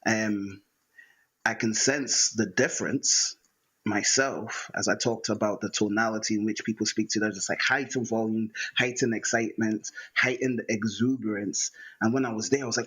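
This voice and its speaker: A man, a writer-musician talking reflectively in a conversation and pausing often with fillers. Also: fairly low pitch, fairly even intonation, a bit bright, slightly rough, low-quality recording. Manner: hesitant, many fillers and restarts.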